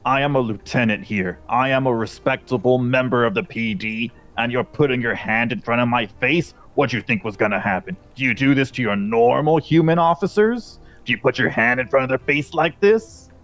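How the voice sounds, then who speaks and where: A haughty police dog lieutenant barks out demands for respect in a tabletop game, played by a man. The voice is gravelly and mid-pitched. She scolds with wounded pride. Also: moderate pace, hardly any pauses, fairly bright tone, faint music behind, lightly acted. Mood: scolding. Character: pompous, irate female police dog lieutenant.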